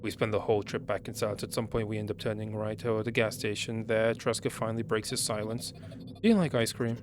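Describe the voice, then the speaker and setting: A man's voice: lowish voice, level tone, quick pace, noisy background. A man reading a story game's text aloud, stumbling over words and breaking off to comment.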